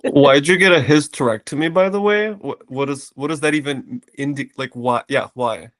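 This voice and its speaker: A man speaks calmly, in a mid-range voice, walking through an astrology reading. His explanations are steady and plain. He asks questions in a relaxed tone. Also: mid-range voice, normal speed. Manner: calm, explanatory. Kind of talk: casual consultation.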